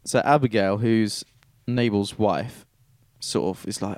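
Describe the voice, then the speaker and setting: A man's voice: on the low side, unhurried, a little mellow, dry recording, studio quality. A man in casual chat, retelling Bible stories irreverently with swearing and light character voices.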